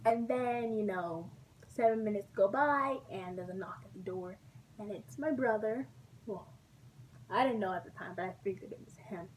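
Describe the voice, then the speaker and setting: A woman from Texas telling a storytime vlog, chatty and animated, and often laughing. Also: mid-range voice, normal speed. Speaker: vlogger. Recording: distant mic with faint background noise.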